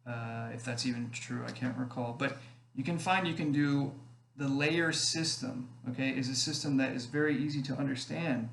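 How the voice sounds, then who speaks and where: Man, rambling casual talk, keeps saying okay, echoey room with a faint hiss. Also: mid-range voice. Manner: rambling, often adds "okay?". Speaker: online group admin.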